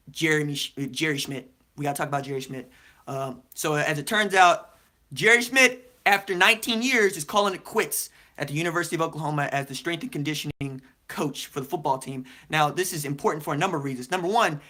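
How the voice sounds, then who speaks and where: A young man hosting a live-stream sports podcast, laughing often and rattling off quick shout-outs to viewers. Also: fairly high pitch. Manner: animated, laughs a lot, rapid shout-outs to chat. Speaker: podcast host.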